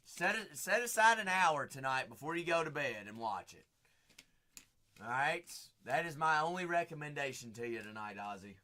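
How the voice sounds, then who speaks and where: Upbeat American man with a bright, forceful voice, running a live sales break with repetitive hype patter. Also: a little high, big pitch swings, normal speed. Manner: upbeat hype, repeating phrases, chatting with viewers. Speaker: card break host.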